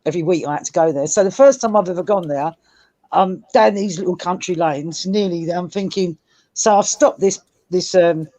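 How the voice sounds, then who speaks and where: A woman's voice: on the low side, moderate pace, dark tone, no echo. Chuckling woman telling anecdotes. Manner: laughs often, tells anecdotes with stammered restarts. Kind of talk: casual group chat.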